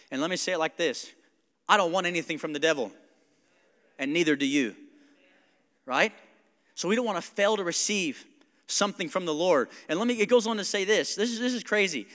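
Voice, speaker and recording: Young man, pastor, sermon, high bright voice, conversational and animated, echoing church hall. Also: moderate pace, pauses often. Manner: conversational, animated preaching with asides to the congregation. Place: church sanctuary.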